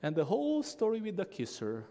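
A male pastor delivers a slow, measured sermon in a church. His voice is high and swings widely in pitch as he tells a story and acts out the people in it. A long reverb trails every phrase around the sanctuary. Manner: animated storytelling, acting out a child's and mother's voices.

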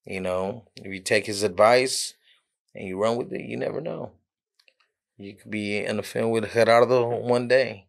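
A man's voice: lowish voice, fairly even intonation, normal speed, gravelly. A man hosting a podcast, chatting casually with a friendly manner and short affirmations. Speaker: podcast host. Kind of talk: casual interview chat.

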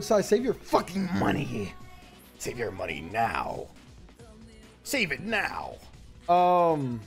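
A man chatting casually on a livestream, excitable and profane, laughing often. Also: fairly high pitch. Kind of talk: casual stream chat.

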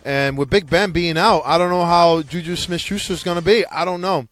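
A man's voice: fairly high pitch, normal speed, fairly bright tone, soft background music. A man hosting a casual podcast, ranting in a rambling, profane way with frequent restarts. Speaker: podcast host.

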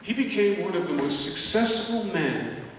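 A man preaching a sermon as a church elder, speaking slowly and deliberately with emphatic repetition. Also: sits high, very animated, a bit bright, slight background noise. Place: large church hall. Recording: echoey hall, distant mic.

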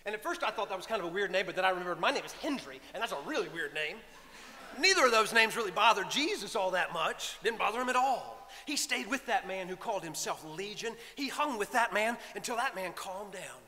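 A man, a priest preaching a sermon, telling the story in a lively way and talking straight to the congregation. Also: high voice, normal speed. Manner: animated storytelling with asides to the congregation. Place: church. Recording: long church reverb.

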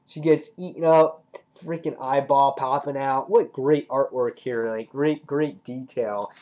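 A man's voice: mid-range voice, fairly even intonation, measured pace, highs cut off. A young man giving a casual, rambling comic book review, swearing freely.

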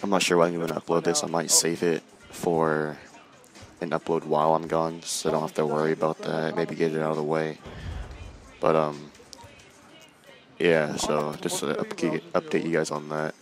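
Deep-voiced profane young gamer. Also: male voice, monotone, normal speed. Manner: rambling, filler-heavy and profane. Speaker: gaming channel host. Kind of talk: casual gameplay commentary.

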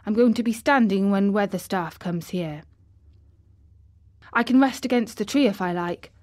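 A woman's voice: mid-range voice, moderate pace, darkish tone, natural voice. A woman voicing a proud young boy who speaks grandly and gives orders. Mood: commanding. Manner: grand, commanding. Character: proud sickly boy standing at last.

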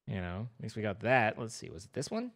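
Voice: medium pitch, big pitch swings, quick pace. A young adult streamer giving playful, rambling live commentary over a game, breaking into squeals of mock panic.

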